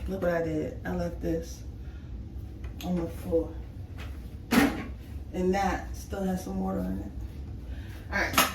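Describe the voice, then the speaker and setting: A young woman's creaky voice comes through a very noisy recording as she vlogs at home, moving between rooms. She talks slowly and pauses often, yet stays animated, laughing at herself, joking, and swooping high whenever she teases.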